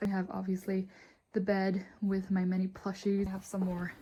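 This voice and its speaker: In a dark, monotone voice of middle pitch and at a moderate pace, a young book vlogger chats to her phone camera. She's in her bedroom, talking casually and dropping in frequent giggles and fillers.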